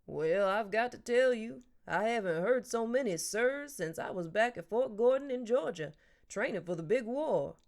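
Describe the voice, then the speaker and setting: A woman's voice: a little high, animated, moderate pace, a little mellow, voice pushed up. A woman doing a teasing older man. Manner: dry, joking storytelling.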